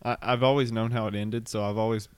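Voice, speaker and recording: Young male podcast host, low smooth voice, playful and teasing, dry close sound. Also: steady tone, no room sound. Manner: playful, teasing, quick to laugh. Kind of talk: casual chat.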